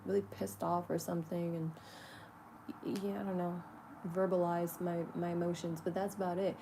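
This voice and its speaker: A woman with a low, gravelly voice delivers a chatty spiritual vlog monologue. She is candid and swears freely, often breaking into laughter. A faint hiss of room noise sits underneath. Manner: talks to herself lovingly in soft asides. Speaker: spiritual vlogger.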